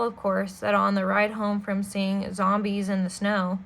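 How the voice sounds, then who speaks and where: A woman reading a children's novel aloud as a storyteller, steady and expressive, with small asides to the listener. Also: medium pitch, creaky, rough recording.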